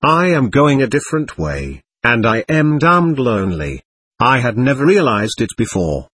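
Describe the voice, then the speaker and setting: A man's voice: medium pitch, very animated, moderate pace, a bit bright, breathy edge. A man reading the part of a domineering, aloof man chasing occult power, in an intense, persuasive way. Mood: brooding. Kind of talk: audiobook reading.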